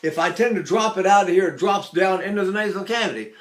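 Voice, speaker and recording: Older man, voice teacher, fairly high voice, talks through technique, breaks into sung examples. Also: fast, reverberant. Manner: explains, then sings short phrases to show. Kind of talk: vocal lesson with sung demonstrations.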